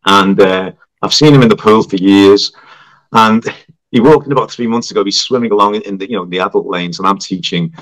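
A man telling an animated story in a casual interview, acting out the voices of the people in it. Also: fairly low pitch, a little fast, no room sound, low-quality recording. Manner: animated, acts out quoted voices. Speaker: guest.

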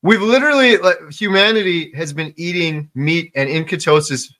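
A man's voice: on the high side, normal speed, pushed and bright. A man hosting a casual interview chat, talking with emphatic enthusiasm and repeating words for stress.

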